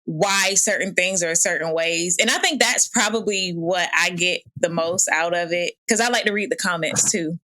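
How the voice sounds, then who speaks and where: A woman in casual podcast chat, animated and storytelling, acting out quoted voices. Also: on the low side, moderate pace, few pauses. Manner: animated storytelling, laughs often, acts out quotes. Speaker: podcast guest.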